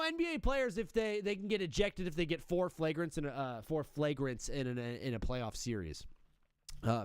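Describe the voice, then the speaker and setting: A man's voice: a little high, a bit bright, clear, resonant tone, no echo. A young man hosting a live sports stream, talking in a brash, joking, fired-up patriotic banter. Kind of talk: casual live-stream chat.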